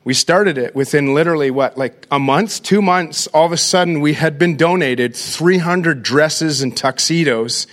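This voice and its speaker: A middle-aged man, a pastor giving an energetic, story-driven talk to a church crowd and calling them "guys". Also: fairly high pitch, normal speed, few pauses.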